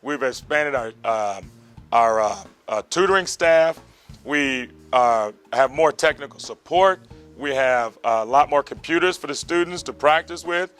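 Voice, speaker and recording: A man teaching medical exam material and describing his prep program, animated and vivid, acting out heart sounds. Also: mid-range voice, measured pace, smooth, soft background music. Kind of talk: lecturing and promotional interview.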